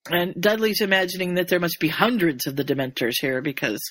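A woman's voice: on the low side, fairly quick, fairly bright tone, husky, no room sound. A woman co-hosting a podcast who recaps a story in casual chat and animates it with acted quotes.

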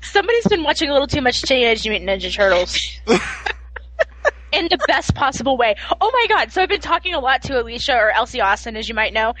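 A woman's voice: on the high side, very animated, quick pace, a bit bright, slight background noise, low-quality recording. A woman co-hosting a casual podcast, chatty and playfully teasing. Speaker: podcast co-host.

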